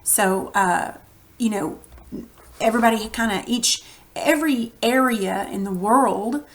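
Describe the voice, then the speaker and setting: A woman's voice: on the high side, a little slow. Texan woman teacher, conversational, walks kids through a reading lesson. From Texas. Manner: friendly explaining, conversational.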